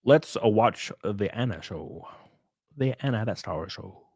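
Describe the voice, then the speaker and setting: A man's voice: fairly low pitch, lively intonation, measured pace, gravelly, a little mellow, slightly rough, dry recording. Guy streaming and reading chat, rambles a lot, voice jumps around, dead dry room. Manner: rambling, reads chat aloud, laughs often. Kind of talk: casual live-stream chat.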